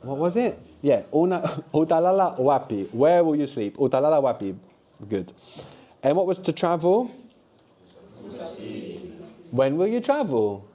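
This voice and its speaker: A man's voice: on the high side, big pitch swings, measured pace, pauses often, warm tone. A man teaching a live language workshop to university students, patiently prompting them with questions and answers. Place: lecture room at a university.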